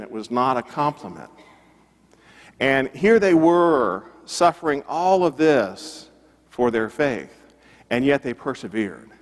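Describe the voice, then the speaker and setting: A male pastor preaching a sermon, emphatic and building his points through repetition. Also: medium pitch. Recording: long reverb of a church hall.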